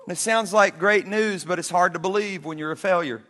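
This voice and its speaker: A man preaching a sermon as a pastor, telling stories in a lively way and acting out the characters. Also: sits high, a little fast, hardly any pauses. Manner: animated storytelling preacher who acts out the characters. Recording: reverberant hall.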